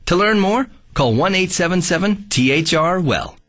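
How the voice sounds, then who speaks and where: A man's voice: high-pitched, expressive, moderate pace, a bit bright. A man announcing a commercial in a playful, jokey scripted read.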